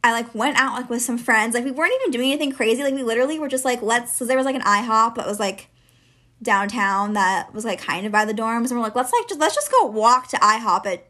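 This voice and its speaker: A woman's voice: fairly high pitch, lively intonation, fast talker, bright, forceful tone. A woman in her twenties, a podcast co-host, telling a long personal story in casual chat, with lots of "like" fillers. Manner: chatty, heavy use of filler "like".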